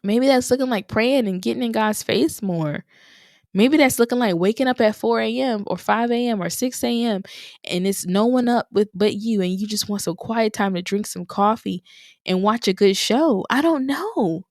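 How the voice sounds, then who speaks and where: A woman's voice: a little high, normal speed, darkish tone, dry recording. Woman host with a dry close sound. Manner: encouraging, repeats phrases for emphasis. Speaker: podcast host. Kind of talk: motivational solo podcast talk.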